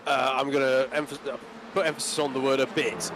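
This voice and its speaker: Male co-commentator, mid-pitched, easygoing analysis over clear race-car noise. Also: flat delivery, normal speed. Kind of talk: live sim-racing colour commentary.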